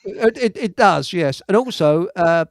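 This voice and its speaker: A man's voice: high voice, animated, a little slow, no echo. A man hosting a casual live-stream chat, telling stories in a rambling, hesitant way with many fillers. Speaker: host.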